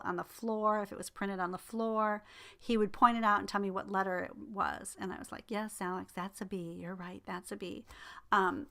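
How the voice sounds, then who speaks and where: A middle-aged woman lecturing casually, filling her talk with ums and personal stories. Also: mid-range voice. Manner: relaxed, filler-heavy explanation with personal anecdotes. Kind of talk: recorded lecture.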